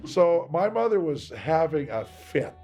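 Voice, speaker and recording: A man's voice: fairly high pitch, sing-song, unhurried, warm tone, faint music behind. A man from Seattle giving a candid, rambling interview, acting out the voices of people he quotes. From Seattle, USA. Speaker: interviewee, singer.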